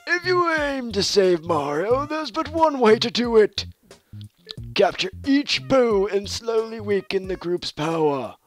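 A man putting on a high fussy old scientist. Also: big pitch swings, unhurried, soft background music. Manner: fussy, folksy old-timer talk. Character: eccentric old male ghost-hunting scientist. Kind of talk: game dialogue read aloud.

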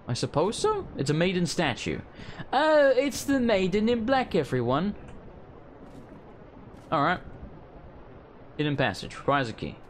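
A man commentating his gameplay in a loose, joking way, swearing casually as he goes. His voice is a bit high and jumps around lively. A faint noise sits under the recording. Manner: laughs often, swears casually. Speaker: let's play host.

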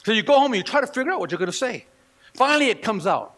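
A male pastor delivers his sermon in a high, lively voice with a gravelly, bright edge. He tells stories and slips into the voices of the people in them. His voice rings with the long reverb of a church hall. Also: very fast. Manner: storytelling preacher who acts out quoted voices. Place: church sanctuary.

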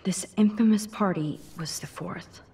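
An actress voicing a young female photography student in a video game, calmly musing to herself. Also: medium pitch, a little slow, breathy edge, recorded from a distance.

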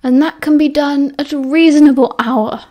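A woman's voice: sits high, fairly even intonation, normal speed, darkish tone, voice pushed up, natural voice. A woman with a British accent voicing a sleepy, grumbling teenage schoolboy wizard who drawls his complaints. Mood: grumpy.

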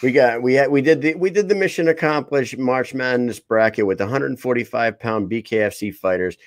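A man's voice: mid-range voice, fairly quick, no echo. A man co-hosting a live podcast, talking in a casual, rambling, profane way. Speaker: podcast co-host. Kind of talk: casual chat.

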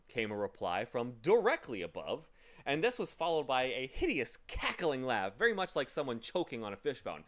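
A man reading a children's novel aloud with slow, dramatic narration. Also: fairly low pitch, sing-song, fairly bright tone, a little hiss or hum. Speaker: reader. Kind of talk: storybook reading.

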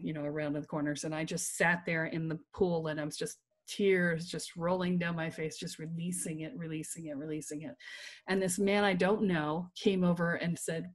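A woman guest on a podcast telling a personal story in an animated way, laughing and checking in with "right?". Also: on the low side. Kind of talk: storytelling in conversation.

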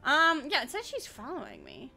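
High, lively, foul-mouthed young streamer woman. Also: normal speed, creaky, soft background music. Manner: animated, profane, joking, laughs often. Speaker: game streamer. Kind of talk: casual live-stream gaming commentary.

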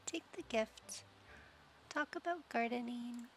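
A woman's voice: on the high side, slow pace, slight background noise. A young adult woman casually commenting on her gameplay, cooing and doting as she talks to the pets in her game. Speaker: gaming channel host.

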